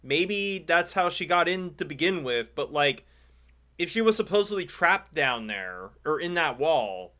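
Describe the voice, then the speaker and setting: A man's voice: on the high side, sing-song, measured pace, sharp tone. A man giving sarcastic, incredulous commentary over a game and swearing often.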